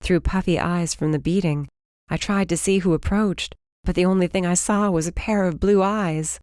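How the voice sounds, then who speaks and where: A woman giving steady first-person narration of a fantasy audiobook. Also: lowish voice, moderate pace, no echo, studio quality.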